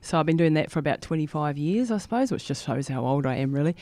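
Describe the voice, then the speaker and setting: A woman's voice: low-pitched, lively intonation, fast, mellow, no room sound. A woman in her fifties, a guest in a studio interview, talking in a laid-back, easygoing way with casual slang and frequent laughs. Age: 50s. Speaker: guest, ultramarathon runner.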